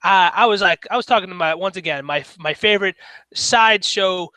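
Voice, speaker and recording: Man, high voice, bright and forceful, excitable jokey podcast chat. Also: fairly quick, no room sound, rough recording. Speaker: podcast co-host. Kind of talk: casual wrestling chat.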